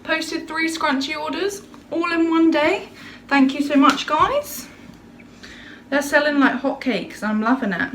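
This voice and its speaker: Filming a casual vlog at home and in the garden on a shaky handheld camera, a young woman speaks at normal speed in a high-pitched voice. She's exclamatory and teases herself, and a little hiss or hum is present.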